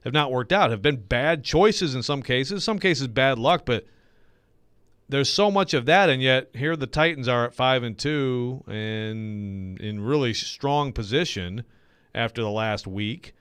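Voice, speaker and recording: A man's voice: medium pitch, a little slow, a bit bright, smooth, no room sound. A man co-hosting a sports radio show, chatting casually and rambling with lots of fillers.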